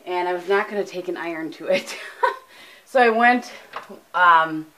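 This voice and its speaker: A woman's voice: fairly low pitch, moderate pace, pushed and bright, a little hiss or hum. A middle-aged woman from the United States, chatting casually in a home vlog with lots of ums, tired and sleepy, recorded on a camera mic. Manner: chatty, rambling, frequent ums. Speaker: vlogger.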